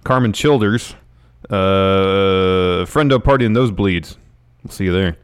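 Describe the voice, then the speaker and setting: A man with a very low voice co-hosts a casual podcast. He talks in a relaxed, deadpan way. Nothing about him is rushed or showy. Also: clean tone. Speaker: podcast co-host. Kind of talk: casual chat.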